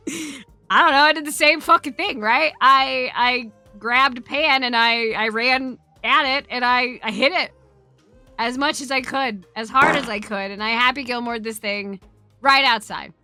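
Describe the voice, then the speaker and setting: A woman streamer chats on a close, dry microphone, her voice bright and a little high. She rambles through a story, swearing freely and laughing along. Faint game music plays underneath. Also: measured pace, no room sound.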